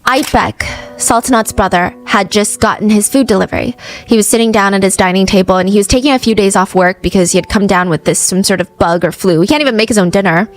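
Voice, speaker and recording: A woman's voice: mid-range voice, fast, faint music behind, rough recording. A woman hosting a true crime show, retelling the case in a chatty, casual way and acting out quoted lines.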